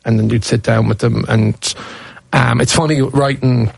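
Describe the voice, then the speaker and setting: A man's voice: medium pitch, steady tone, normal speed, vocal fry, a little mellow, slightly rough, no room sound. A comedian in his fifties telling rambling anecdotes in a casual interview, restarting his sentences as he goes. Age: 50s. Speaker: stand-up comedian guest.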